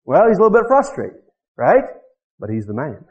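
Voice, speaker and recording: A man preaching a sermon, swinging from quiet low asides to loud fervent exhortation and calling out to the congregation. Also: wildly swooping pitch, fairly quick, lo-fi sound. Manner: calls out to the congregation with "Huh?" and "Are you with me?".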